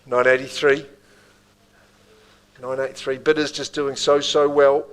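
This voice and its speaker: A man's voice: medium pitch, level tone, unhurried, fairly bright tone, clear, resonant tone, low-quality recording. A man with a New Zealand accent calling bids at a live property auction, with rhythmic bid calls and chatty asides to the room.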